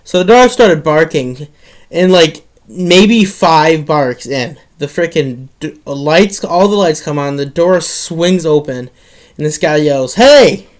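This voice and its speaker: A teenage boy recounting a late-night incident in a loose, rambling storytime monologue. His voice sits a bit high for a young man, and he keeps restarting sentences and dropping in casual swear words. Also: slow pace.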